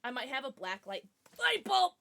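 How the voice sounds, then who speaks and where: A young woman streamer chatting casually and excitedly to her viewers, now and then cooing at her dog in baby talk. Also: sits high, normal speed. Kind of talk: casual livestream chat.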